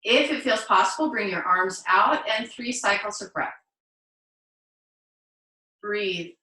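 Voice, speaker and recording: A woman teaching a live online yoga class, cueing poses gently and encouragingly with playful asides. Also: mid-range voice, animated, takes it slowly, echoey room, recorded from a distance, poor audio. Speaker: yoga instructor. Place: home room, on a video call.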